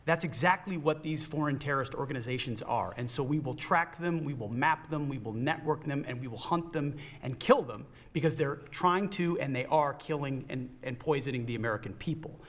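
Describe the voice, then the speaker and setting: A man's voice: a little high, fairly quick. Firm man briefing the press. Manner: firm, emphatic, repeating parallel phrases.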